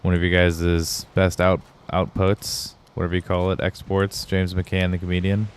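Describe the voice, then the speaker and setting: A young man chats with his viewers while playing a game live. His voice sits low and comes through clear and smooth. He rambles, swears easily and drifts between topics. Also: completely flat delivery, normal speed. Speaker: live streamer. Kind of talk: casual gaming livestream chat.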